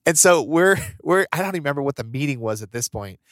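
A man co-hosts a podcast in relaxed, casual chat, telling funny stories and often breaking into laughter. His voice sits in a middle register, and the sound is dry and close. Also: a little high, fast, no room sound. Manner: chatty storyteller, laughs often. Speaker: podcast co-host.

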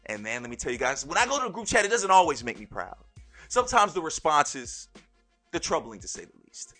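Young male podcast host, lively pitch swings, bright and forceful tone, soft music bed underneath. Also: brisk. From born in Turkey, raised overseas in a military family. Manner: animated storytelling, repeats "ladies and gentlemen". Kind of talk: solo podcast monologue.

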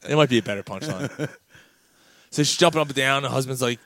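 A man's voice: medium pitch, fast, pauses often, a bit bright, dry recording. A man hosting a podcast, rambling through stories and jokes over beers with friends. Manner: laughing, rambling storyteller. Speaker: podcast host. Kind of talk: casual chat.

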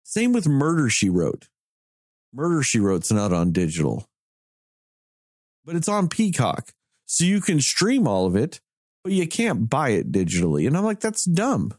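Man, casual chat, ranting, swearing, lively pitch, dry sound. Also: moderate pace, pauses often, no echo. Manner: animated ranting, heavy swearing.

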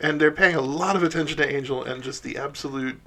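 A man's voice: on the high side, quick pace, a crowd in the background. A man narrating as game master of a tabletop game in a laid-back, wry way.

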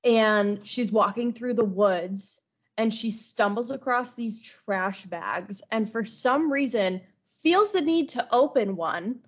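A young woman co-hosting a podcast, retelling stories lively in casual chat, sometimes rushing ahead. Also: fairly high pitch, breathy edge. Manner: lively retelling, bursts of speed. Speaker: podcast co-host. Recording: slightly dull lo-fi podcast audio.

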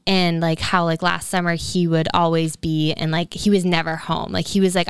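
A woman's voice: lowish voice, gravelly, clear, resonant tone, no room sound, clean studio sound. A young woman in her twenties telling a rambling personal story on a casual podcast, filling it with "like" and "um". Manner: rambling storyteller, heavy use of "like". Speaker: podcast co-host. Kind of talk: casual chat.

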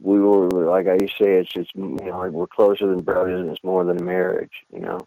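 A man's voice: sits low, fairly quick, creaky, dry recording, rough recording. A male singer being interviewed, chatting casually and rambling with lots of "you know" fillers. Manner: animated storyteller. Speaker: band singer, interview guest.

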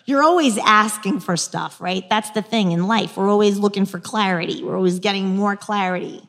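A woman in her forties with a New York accent, telling a dating story and coaching on manifestation in a lively, frank, laughing way. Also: mid-range voice, moderate pace, long reverb tail. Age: 40s. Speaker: guest speaker on dating and manifestation. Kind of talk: casual storytelling, coaching talk.

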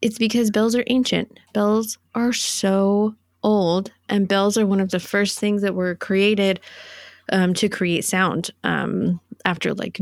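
A woman's voice: medium pitch, vocal fry, no room sound. Chatty woman podcast co-host, dry close sound. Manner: chatty, laughing, rambling asides. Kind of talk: casual chat.

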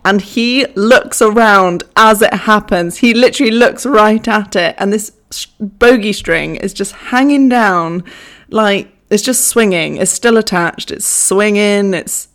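A young woman telling a funny personal story in a chatty, self-mocking way, swearing freely. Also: medium pitch. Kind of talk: casual anecdote.

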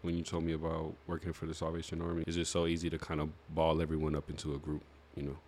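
A man's voice: extremely low pitch, completely flat delivery, quick pace, darkish tone, slight background noise. A man hosting a casual interview, talking in a laid-back, agreeing way. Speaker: podcast host.

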